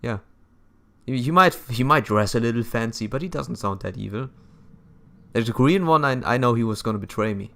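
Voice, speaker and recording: A man's voice: medium pitch, lively intonation, a little fast, vocal fry, fairly bright tone. A young man casually commenting on his gameplay, chatty and jokey, often stumbling over words and laughing. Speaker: gaming streamer.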